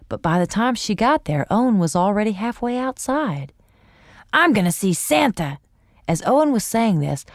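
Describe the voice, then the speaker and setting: Woman reading a lively bedtime story. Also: medium pitch, no room sound, clean studio sound. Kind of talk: bedtime story read-aloud.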